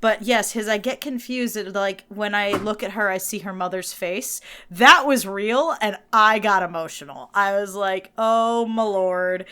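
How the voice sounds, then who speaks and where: A woman with a New Jersey accent co-hosting a podcast in casual chat, animated and laughing, acting out little quotes. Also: medium pitch, clear, resonant tone. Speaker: podcast co-host.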